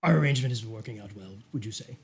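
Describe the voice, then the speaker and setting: Ein Mann spielt einen bedrohlich schnurrenden Herzog. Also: male voice, lowish voice, voice pushed down, lightly acted. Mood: coolly menacing. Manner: soft, slow, menacing purr. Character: sinister old male duke, cruel and toying.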